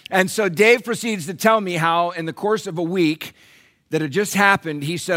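A pastor preaching a sermon in church, animated, asking the congregation questions. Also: male voice, high voice, normal speed.

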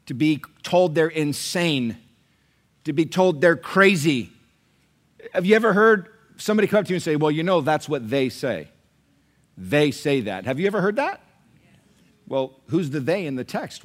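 Male pastor preaching with a lively, swooping delivery and a fairly high voice. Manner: animated, asks the congregation questions. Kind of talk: sermon.

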